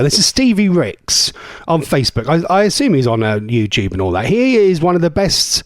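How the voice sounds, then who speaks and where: A man hosting a casual local radio show, chatting in a rambling, playful way with quick asides. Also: fairly high pitch, very animated, dry recording, studio quality. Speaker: radio host. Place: radio studio. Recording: loud music bed under speech.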